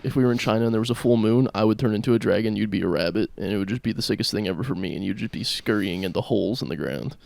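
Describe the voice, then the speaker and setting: A young man co-hosting a podcast, trading crude deadpan jokes with frequent laughter. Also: lowish voice, racing, creaky, few pauses, no echo. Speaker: podcast co-host. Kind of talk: casual comedic podcast banter.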